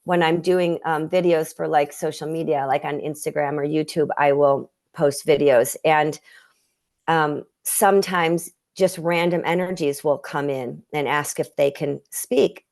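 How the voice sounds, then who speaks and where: Woman with a low voice, earnest emotional storytelling, lots of restarts, sounds like a video call. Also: fairly even intonation, a little slow, a little mellow. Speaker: guest healer. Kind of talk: personal storytelling in conversation.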